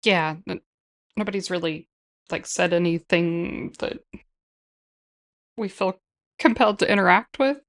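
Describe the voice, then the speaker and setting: A woman's voice: fairly low pitch, measured pace, long pauses, fairly bright tone. A woman talking casually as a player in a tabletop game. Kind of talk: casual chat.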